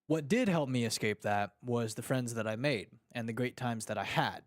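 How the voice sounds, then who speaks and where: A man hosting a casual podcast and reading live chat, talking in a slangy, animated way. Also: mid-range voice, normal speed, no room sound, studio quality. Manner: slangy and animated, fond of "dude" and "freaking".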